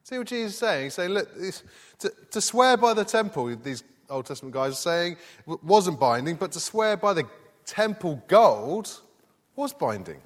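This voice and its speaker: A man's voice: sits high, sing-song, moderate pace. A man preaching a sermon in a conversational way, reading scripture aloud and asking the congregation questions. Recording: long hall reverb.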